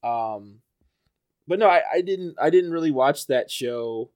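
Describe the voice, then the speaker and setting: A man hosting a podcast in casual chat, halting with fillers and laughing often. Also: a little high, expressive, a little mellow, clear, resonant tone. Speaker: podcast host.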